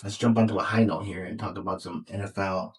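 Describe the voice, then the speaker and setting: A husky, low-voiced man co-hosts a podcast in loose casual chat. He rambles and restarts often, with plenty of fillers and casual swearing. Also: steady tone, quick pace, poor audio. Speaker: podcast co-host.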